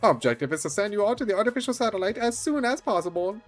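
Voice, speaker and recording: A man's voice: high voice, lively intonation, racing, soft background music, pitched above the performer's own voice. A man voicing a polite, earnest male AI speaking through a borrowed robot body, in a raised voice while reading a story game.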